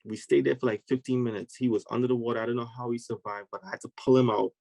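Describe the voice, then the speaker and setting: Man, podcast guest, animated storyteller, acts out other voices, middle pitch, dry close sound. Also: racing, creaky, dry recording, low-quality recording. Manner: vivid, acts out voices of people in his story.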